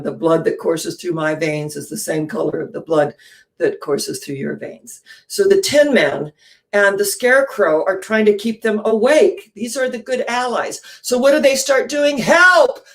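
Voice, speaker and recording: A woman giving a spiritual storytelling talk, animated, often posing questions to her listeners. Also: on the low side. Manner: animated, poses rhetorical questions. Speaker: inspirational speaker.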